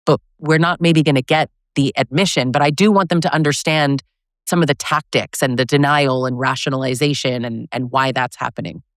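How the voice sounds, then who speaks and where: A woman's voice: rumbling low, steady tone, brisk, no echo, clean studio sound. A woman hosting a podcast, asking long, earnest questions with frequent restarts. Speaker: podcast host. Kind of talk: podcast interview.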